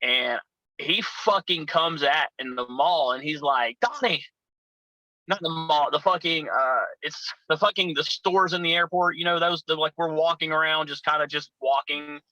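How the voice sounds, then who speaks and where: A man's voice: a little high, moderate pace, sharp tone, dry recording, low-quality recording. A man telling profane, rowdy road stories in a casual chat as a guest. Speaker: pro wrestler guest.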